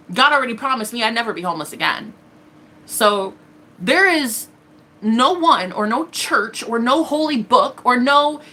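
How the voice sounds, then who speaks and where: A woman's voice: on the high side, sharp tone, slight background noise. A woman hosting a tarot livestream, speaking bluntly and defiantly, with plenty of profanity and acted-out quotes. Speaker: tarot reader and livestream host. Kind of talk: casual livestream monologue.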